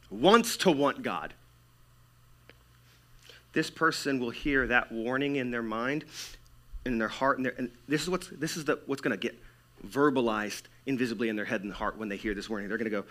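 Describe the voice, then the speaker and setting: A man preaching a sermon to his church, swinging between loud emphatic stretches and hushed, near-whispered lines. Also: mid-range voice, normal speed. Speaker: pastor.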